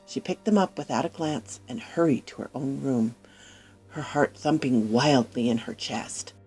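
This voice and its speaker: Low husky lady reading a creepy fairy tale, lots of whispery bits. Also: unhurried. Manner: expressive, with hushed whispers. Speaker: storyteller. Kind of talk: dramatic fairy-tale narration. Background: faint music.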